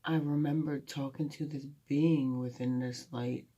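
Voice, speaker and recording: At home at night, a woman vlogger muses candidly about faith and her past, rambling and heartfelt, holding her phone close to her face. Her bass voice is mellow, with a steady tone and a measured pace. The sound is lo-fi.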